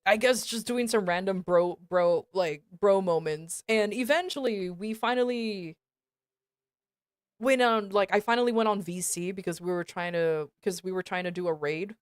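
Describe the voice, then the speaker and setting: A woman's voice: medium pitch, normal speed, clear, resonant tone, no echo, clean studio sound. A woman streamer telling a story to her chat in a casual, rambling way, swearing often. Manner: swears a lot, animated and rambling.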